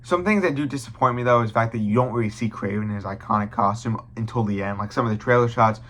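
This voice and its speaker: A man's voice: medium pitch, fast talker, fairly bright tone. A young man giving a casual film review to his viewers, blunt and profane, often restarting his sentences.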